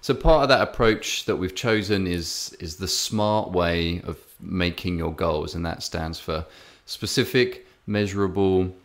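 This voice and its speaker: Low gravelly English man. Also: unhurried, few pauses. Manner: rambling storyteller, many fillers and restarts. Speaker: podcast co-host. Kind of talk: casual podcast chat.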